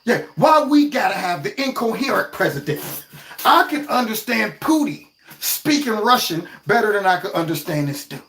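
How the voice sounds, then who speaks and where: A man hosting his own show, reacting to clips in a lively, mocking, slangy way. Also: high-pitched, normal speed, slight background noise. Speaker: show host. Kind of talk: reaction commentary on video clips.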